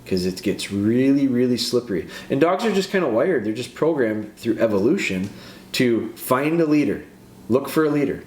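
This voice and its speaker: A man's voice: mid-range voice, very animated, normal speed, a little mellow. A man hosting a podcast as a dog trainer, explaining in a casual, earnest way and often restarting and repeating his phrases. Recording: echoey room with faint background noise.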